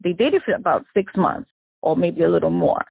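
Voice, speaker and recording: A woman tells her late sister's story, slipping into the voices of the people she quotes. Her voice is gravelly and husky, with a dry, close sound. It comes through a narrow, tinny phone line. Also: fairly low pitch, moderate pace, dry recording. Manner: animated storyteller who acts out quoted dialogue. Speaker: victim's sister, interviewee. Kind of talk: emotional first-person recollection.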